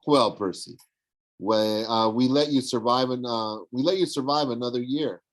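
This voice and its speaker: A man's voice: mid-range voice, moderate pace, close to an everyday voice, poor audio. A man doing a smug young villain. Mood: mocking. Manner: sneering, mocking. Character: smug young male villain, mocking and persuasive.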